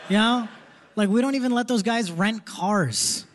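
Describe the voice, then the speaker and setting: A young man in his twenties performing a live stand-up set, with quick conversational punchlines. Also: high-pitched. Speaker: stand-up comedian. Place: theater stage with live audience. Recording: live audience laughter, faint crowd noise.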